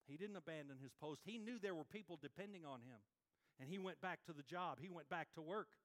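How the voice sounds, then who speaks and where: A man preaching a sermon as pastor, animated and playful, with quick swings between loud and soft. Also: on the high side.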